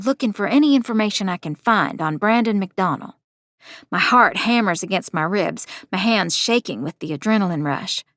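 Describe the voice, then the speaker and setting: A young woman narrates an audio drama in the first person, animated and breathless. Her voice swoops expressively through a wide range. The studio recording is bone dry and close. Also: mid-range voice, no room sound. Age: young adult.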